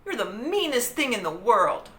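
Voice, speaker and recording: A woman voicing a bold, outspoken young girl in a storybook reading, speaking with emphatic excitement. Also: medium pitch, unhurried, voice pushed up. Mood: shouting. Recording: roomy echo.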